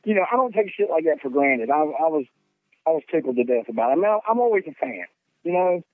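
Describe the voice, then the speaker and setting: Southern man, guest on a call, high-pitched and animated, dry tinny phone sound. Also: fast talker, dry recording. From North Carolina. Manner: animated, profane, laughs mid-story. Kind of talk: casual storytelling.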